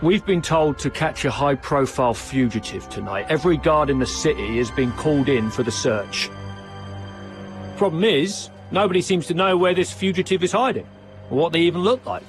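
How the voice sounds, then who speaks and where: A man playing a gruff, self-important male city guard in a game cutscene who blusters and then lets things slip. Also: a little high, lively intonation, normal speed, faint music behind, lightly acted, low-quality recording. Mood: chatty. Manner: blustering, loose-lipped.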